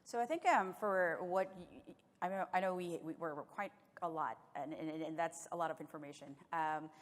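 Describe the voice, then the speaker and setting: A woman's voice: low voice, moderate pace. A woman moderating a conference session, speaking with stumbling restarts. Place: large conference hall. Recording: long reverb of a conference hall.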